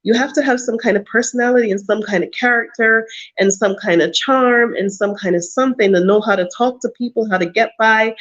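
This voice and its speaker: A woman's voice: fairly high pitch, a little fast, fairly bright tone, lo-fi sound. Emphatic woman lecturing her livestream viewers. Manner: emphatic, preachy, repeats herself for stress. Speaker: vlogger answering live chat. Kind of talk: casual livestream advice talk.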